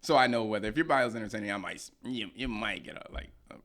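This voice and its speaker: A man's voice: lowish voice, fast talker, fairly bright tone. A young man co-hosting a podcast, talking casually with wry, opinionated humor and frequent laughs. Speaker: podcast co-host. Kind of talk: casual chat.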